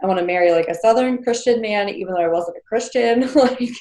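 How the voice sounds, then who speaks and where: This podcast guest, a thirtysomething from New Jersey, has a mellow mid-range voice and speaks a bit fast. She chats her way through a personal story, full of fillers and small laughs, in an echoey room.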